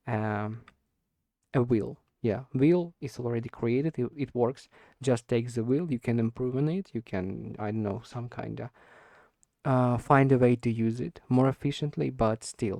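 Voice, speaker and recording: A man practicing spoken English in an unscripted monologue, talking slowly and hesitantly, repeating and restarting words as he searches for them. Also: medium pitch, creaky, warm tone, no room sound, studio quality. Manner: deliberately slow with stressed words. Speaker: English learner recording speaking practice.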